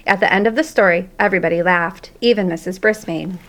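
A woman narrating a children's audiobook in a lively, expressive storytelling manner. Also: lowish voice, fast talker.

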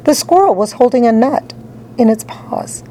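A woman narrating a children's story in an expressive read-aloud style. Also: on the high side, moderate pace, a little hiss or hum, rough recording. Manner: animated, dramatic storytelling.

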